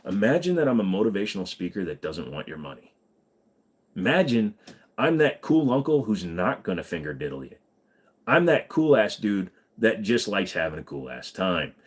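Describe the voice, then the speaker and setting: A man's voice: fairly low pitch, sing-song, moderate pace. A man hosting a casual live stream, rambling through crude, jokey banter with his chat.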